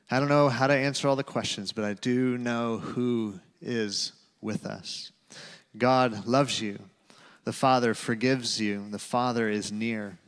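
A male pastor giving a sermon, telling a personal story in a conversational way with fillers and dropping to a hush for quotes. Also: medium pitch, steady tone, unhurried, clean tone. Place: large church auditorium. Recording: reverberant hall.

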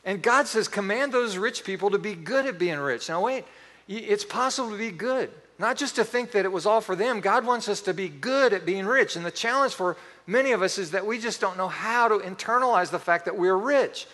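High, bright-voiced male pastor in a hall. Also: fairly quick. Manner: animated storytelling with acted quotes. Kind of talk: sermon.

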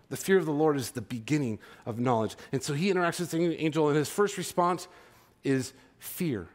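Conversational male pastor preaching, slightly high voice. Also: lively intonation, normal speed. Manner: conversational, checks in with "okay?" and "right?". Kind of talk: sermon.

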